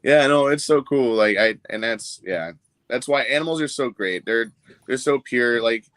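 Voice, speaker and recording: A man's voice: mid-range voice, moderate pace, a bit bright, no room sound. Man, casual podcast talker, rambly, dry booth sound. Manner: rambling, with many restarts and filler words. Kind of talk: casual chat.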